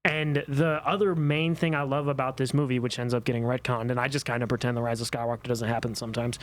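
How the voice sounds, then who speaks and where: A man's voice: mid-range voice, flat delivery, quick pace. A man co-hosting a casual podcast, talking with passion and pushing back on opposing views. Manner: passionate, argumentative. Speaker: podcast co-host. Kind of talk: casual chat.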